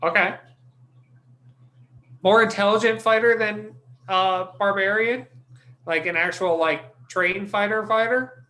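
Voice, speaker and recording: A man's voice: high-pitched, a little slow, pauses often, bright, forceful tone. A man running a tabletop game session, blunt and casually swearing. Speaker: game master.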